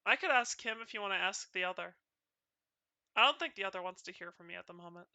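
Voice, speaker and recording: This VTuber streamer, who has a North Carolina accent, keeps up playful casual chat with friends and viewers, regularly stumbling over words. Her mid-range voice is animated, fast, gravelly, pushed and bright, recorded dry.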